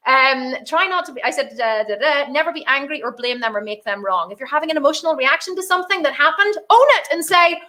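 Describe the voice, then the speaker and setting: A middle-aged woman with a high, bright voice gives a business training talk. She is blunt and animated, swears freely and acts out little scenes of dialogue. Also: fast. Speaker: online business coach.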